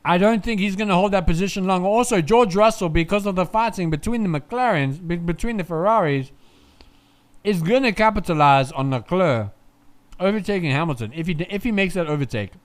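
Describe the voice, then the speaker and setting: A man giving casual live race commentary, chatty, swearing freely and moving between laid-back chatter and excited shouting. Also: sits high, brisk.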